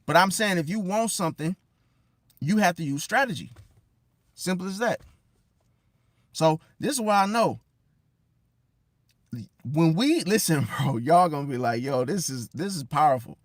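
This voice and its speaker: Man, higher-pitched voice, slangy advice rant, keeps saying bro, dry close mic. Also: sing-song, unhurried, long pauses, dry recording. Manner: slangy, keeps calling the listener bro, swings between loud and hushed. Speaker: zodiac relationship commentator. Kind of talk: casual direct-to-camera advice rant.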